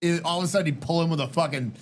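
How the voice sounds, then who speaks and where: A man hosting a casual podcast, chatting in a relaxed, profane way. He is recorded in a garage. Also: a little high, rapid-fire, a little hiss or hum. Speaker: podcast host.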